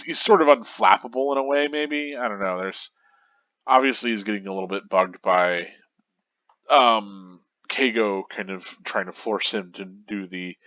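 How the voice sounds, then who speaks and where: Young guy with a stuffed-up nose, deep bright voice, rambling manga thoughts, dull dry mic. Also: dry recording. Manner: rambling, thoughtful, with many fillers and restarts. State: stuffy and congested. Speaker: manga review host. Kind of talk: casual analysis monologue.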